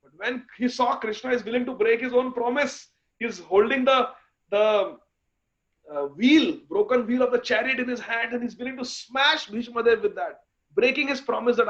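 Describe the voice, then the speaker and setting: A man giving a devotional scripture lecture, chanting verses slowly and speaking with fervent emphasis. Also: sits high, a bit bright. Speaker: speaker in a scripture class series. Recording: dull lo-fi recording.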